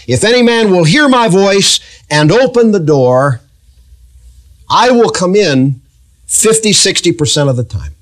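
A pastor preaching a sermon, asking the congregation rhetorical questions. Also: male voice, high voice, lively intonation, measured pace.

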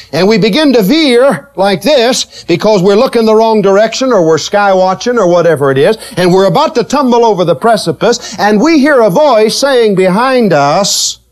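Male preacher, sermon; slow, deliberate, emphatic, quizzes the congregation. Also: sits high. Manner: animated, teasing, asks the congregation questions; slow, emphatic delivery with big rises and drops.

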